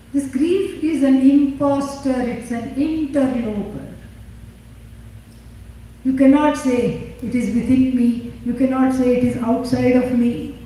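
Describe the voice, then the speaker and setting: A woman's voice: high-pitched, dark tone, a little hiss or hum. A woman teaching scripture in a lecture, asking questions and answering them herself with dry humor. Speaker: spiritual teacher. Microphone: phone in the audience. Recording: very echoey hall, far from the mic.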